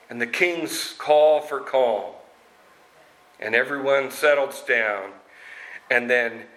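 A man retelling a story expressively, slow and dramatic, acting out the parts. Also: medium pitch, sharp tone, low-quality recording.

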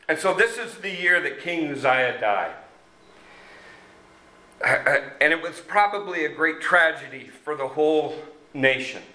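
A man preaching a sermon, slow and halting with many fillers and restarts. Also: on the high side, lively intonation, bright, forceful tone, roomy sound, poor audio. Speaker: pastor.

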